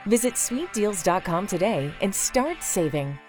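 A woman's voice: medium pitch, big pitch swings, unhurried, over music. A woman reading a radio commercial in an upbeat, persuasive way. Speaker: ad announcer. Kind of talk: commercial read.

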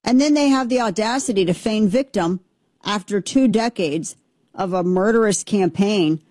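A woman speaks with fervent conviction, leaning hard on key words and circling back with restarts as she builds her point. Her voice sits at a middling pitch and is recorded dry and close, with no room sound. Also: normal speed, a little mellow, dry recording. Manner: impassioned, emphatic, rambling with restarts. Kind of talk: opinionated commentary.

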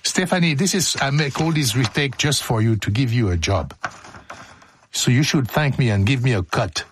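A man's voice: mid-range voice, lively intonation, moderate pace, a little hiss or hum. A man hosting a radio show, reading his script and joking through outtakes in a playful, self-mocking way from a studio microphone. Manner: jokey, self-mocking, breaks off mid-line. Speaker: radio host.

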